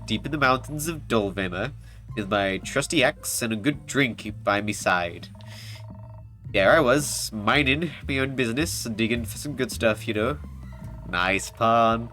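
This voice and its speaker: A man's voice: mid-range voice, a little slow, sharp tone, soft background music. A man voicing a boastful male dwarf miner in a video game, telling his tale heartily in a put-on folksy voice that says "me" and "ye".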